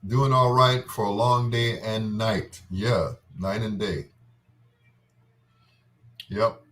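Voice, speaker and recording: A man's voice: lowish voice, slow pace, a bit bright. A man hosting a show, telling comic stories in a rambling way, laughing often and slipping into voices. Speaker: host. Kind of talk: comedic storytelling monologue.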